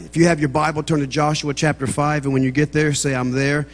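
His voice is slightly high with little pitch movement, and he talks fast. The man, a Southern American guest speaker, opens a sermon in a church sanctuary by joking with the congregation and then builds into fervent preaching. The recording carries a long church reverb.

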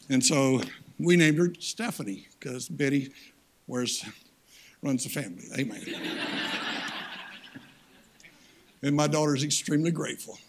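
This older guest preacher has a gravelly voice and gives a folksy sermon, shifting from loud, high exhortations down to quiet, low pleas.

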